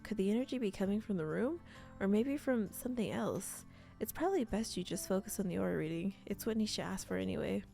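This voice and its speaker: A woman's voice: medium pitch, fast, vocal fry, mellow, faint music behind. A woman hosting a let's play, reading a cozy role-playing game's text aloud with playful asides. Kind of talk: let's play narration of a visual novel.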